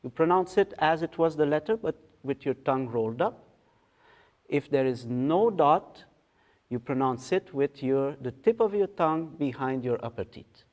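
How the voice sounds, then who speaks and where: A man teaching in a meditation hall, patiently explaining how to pronounce a mantra step by step and chanting its words slowly. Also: on the high side, animated, a little mellow. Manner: patient, explains step by step, often checks in with "okay?". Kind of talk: guided mantra pronunciation lesson.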